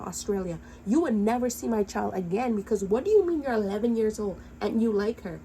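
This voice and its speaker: A woman's voice: medium pitch, animated, brisk, few pauses, warm tone, poor audio. A woman giving heated, blunt reaction commentary, ranting angrily and swearing freely. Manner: angry, impassioned ranting; blunt, profane. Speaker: commentary vlogger.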